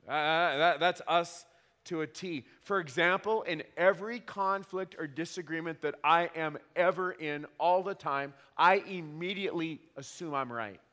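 Wry pastor preaching in a reverberant hall. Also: male voice, a little high. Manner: animated, wry storytelling with emphatic repeats. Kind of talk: sermon.

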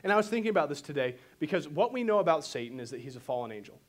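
A man preaching a sermon and telling the story in an animated way. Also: on the high side, very fast. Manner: animated storytelling, voices quotes dramatically. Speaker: pastor.

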